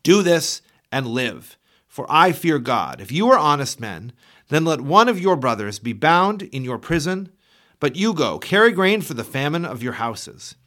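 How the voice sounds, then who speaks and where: A man's voice: fairly high pitch, big pitch swings, unhurried, fairly bright tone. Guy reading a stern egypt governor, formal, bossy, voice swings around a lot. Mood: firm. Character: stern male Egyptian governor testing strangers.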